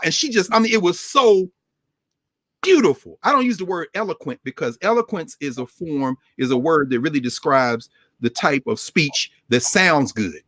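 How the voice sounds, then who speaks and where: A man giving an impassioned, preacherly talk as a regular guest scholar on a show, swinging his pitch widely. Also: expressive, normal speed, fairly bright tone, no room sound, clean studio sound. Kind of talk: animated lecture-style talk.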